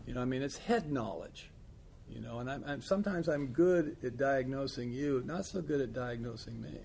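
A man with a gravelly, creaky voice speaks as a recovery sponsor in loose, rambling chat. He talks bluntly, with plenty of fillers and asides. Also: medium pitch, a little mellow, slight background noise. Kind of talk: casual chat.

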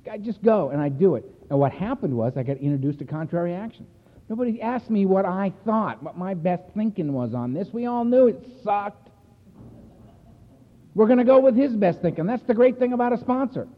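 A man addresses a recovery meeting, telling his story in a blunt, earthy, emphatic way. His voice sits a little high for a man. It rings through a reverberant hall and comes across thin and phone-like. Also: expressive, fairly quick. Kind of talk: personal recovery talk to a meeting. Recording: echoey hall over a tinny phone-like line.

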